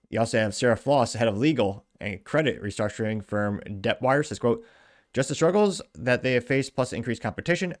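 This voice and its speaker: A man hosting a commentary podcast, reading out news and comments with sarcastic, wry asides. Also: on the low side. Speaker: podcast host.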